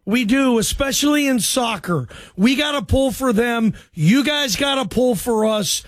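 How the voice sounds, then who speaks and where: High-voiced excitable sports radio host. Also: male voice, unhurried, dry recording. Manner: loose, excitable, joking banter. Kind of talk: call-in sports radio talk.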